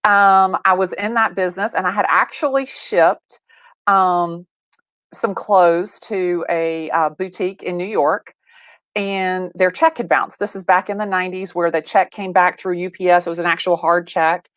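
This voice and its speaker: A middle-aged woman from Atlanta, a real estate agent telling animated stories about her career in a casual interview. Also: fairly low pitch, moderate pace, dry recording. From Atlanta, Georgia. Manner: bubbly, animated storyteller acting out dialogue. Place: video call from her home or office.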